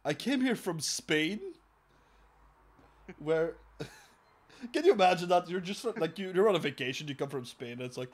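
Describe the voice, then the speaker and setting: Man, podcast host, crude chat, lots of swearing and laughter, fairly high voice. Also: lively intonation, moderate pace, long pauses. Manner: profane, laughing, mocking quoted voices.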